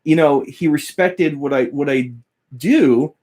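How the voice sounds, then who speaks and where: A young adult man with a slightly high voice tells a story to his viewers in a casual, eager way. He laughs often and acts out what others said. He sounds thrilled. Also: measured pace. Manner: animated, laughing, quoting others with voice changes. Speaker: guitar teacher and YouTuber.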